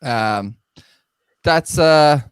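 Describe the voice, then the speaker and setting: A man's voice: on the high side, animated, drawn-out words, clear, resonant tone, no echo. Young guy doing standup over a video call, rambles and trips over words, dry close sound. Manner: rambling, self-deprecating, stammering restarts. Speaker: stand-up comedian. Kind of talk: online stand-up set and casual chat.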